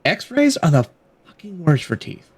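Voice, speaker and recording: A man co-hosting a podcast, telling stories in an animated, casual way and swearing freely. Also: a little high, a little slow, breathy edge. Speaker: podcast co-host. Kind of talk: casual chat.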